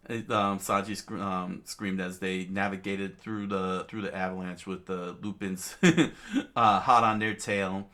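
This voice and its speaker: A man casually reading a comic aloud, halting with many fillers and restarts and chuckling now and then. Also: sits low, steady tone, pushed and bright. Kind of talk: casual read-aloud narration.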